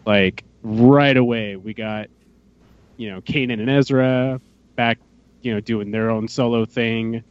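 A man hosts a fan podcast in a loose, excitable chat full of asides. His voice sits in a middle pitch. The recording is slightly dull and lo-fi. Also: unhurried, clear, resonant tone, dry recording. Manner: excitable, rambling with fillers. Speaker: podcast host.

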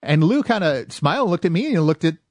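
Man, 40s, from Michigan, podcast host, expressive storyteller, slightly high voice, dry studio sound. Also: a little fast, dry recording. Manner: animated storyteller, acts out quotes. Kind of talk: casual podcast chat.

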